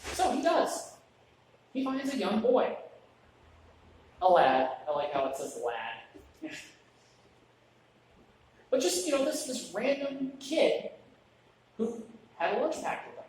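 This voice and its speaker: A man preaches in a relaxed, chatty way, dropping in joking asides and restarting his sentences. His voice rings through a very echoey church sanctuary, picked up from some distance away, with a faint hiss under it. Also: extremely high pitch, slow, pauses often. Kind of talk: conversational sermon.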